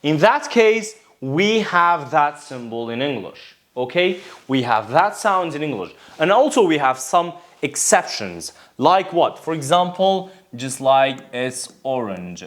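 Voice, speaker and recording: A male English teacher whose first language is Kurdish takes his class through grammar and pronunciation without hurrying. He repeats words and questions the students, his fairly bright voice swinging widely up and down in pitch.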